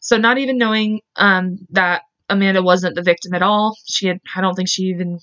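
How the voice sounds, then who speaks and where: A woman's voice: on the low side, fairly even intonation, a little fast, a bit bright. A woman hosting a podcast, casually retelling a true-crime case, full of "like" fillers and swearing when angry. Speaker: podcast host. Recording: dull lo-fi recording.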